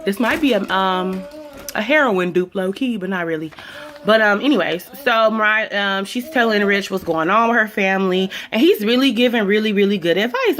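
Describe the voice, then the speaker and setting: A woman's voice: mid-range voice, lively intonation, normal speed, a bit bright. A woman giving a casual opinion recap to camera, blunt, sassy and full of swearing. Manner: blunt, profane, sassy, chatty. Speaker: reality TV recap vlogger. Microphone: camera mic.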